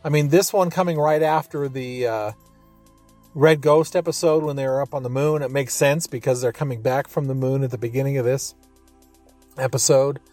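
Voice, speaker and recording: A man's voice: medium pitch, steady tone, moderate pace, darkish tone, no room sound, soft background music. A man hosting a podcast, reviewing a show in a rambling, chuckling way with many fillers. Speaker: podcast host reviewing a radio adaptation. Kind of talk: casual review chat.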